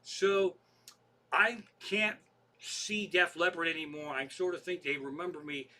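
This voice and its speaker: Bright-voiced man telling profane stories. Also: a little high, fairly even intonation, a little slow. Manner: profane, rambling anecdotal storytelling. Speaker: comedian. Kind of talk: storytelling podcast monologue.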